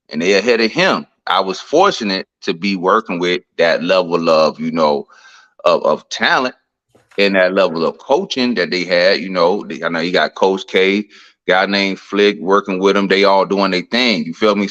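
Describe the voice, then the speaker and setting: A man's voice: sits low, a bit bright. A man, a heavyweight boxer, talking in a laid-back, reflective way with casual slang in an interview. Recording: dull lo-fi audio.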